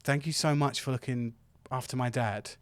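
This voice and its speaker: Man playing a keen young man in a tabletop game, chatty, rambling, eager to please, mid-pitched voice, dry close sound. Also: fairly even intonation, normal speed, no echo, natural voice. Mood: friendly. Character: eager friendly young man, a grown son.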